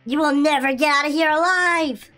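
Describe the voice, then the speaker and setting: A woman voicing a menacing male ghost shark villain in a video game, speaking slowly and tauntingly. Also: high-pitched, bright, forceful tone, faint music behind.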